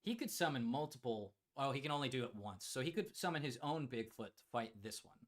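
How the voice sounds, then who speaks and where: Male streamer host, casual joking chat, middle pitch. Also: expressive, a little fast. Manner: joking, reads chat aloud, many fillers. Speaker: livestream host.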